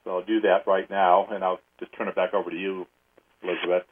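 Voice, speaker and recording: A man hosting a guided healing session, counting slowly and steadily aloud. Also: low-pitched, flat delivery, slightly rough. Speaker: energy healing host. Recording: phone-like narrow audio.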